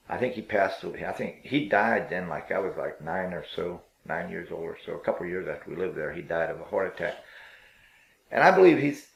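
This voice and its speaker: An older man telling his life story in a rambling, halting way, with many fillers and restarts. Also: deep voice, creaky, reverberant, low-quality recording. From Pennsylvania.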